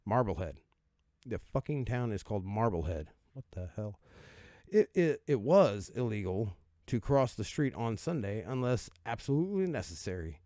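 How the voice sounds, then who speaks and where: A man's voice: fairly low pitch, very animated, moderate pace, warm tone, dry recording, clean studio sound. A man hosting a casual comedic commentary, sarcastic and profane, laughing as he riffs with mock voices. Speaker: host reacting to odd laws.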